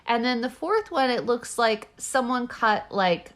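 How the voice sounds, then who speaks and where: A woman's voice: a little high, lively intonation, measured pace. A woman co-hosting a podcast in casual chat, rambling and giggly with lots of fillers. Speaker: podcast co-host.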